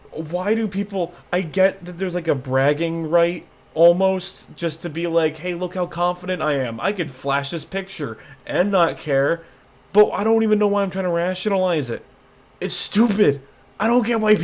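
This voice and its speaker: A man with a fairly high voice talks casually through a reaction video for his channel. He rambles, restarts and fills gaps with fillers. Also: a little mellow. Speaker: YouTube vlogger.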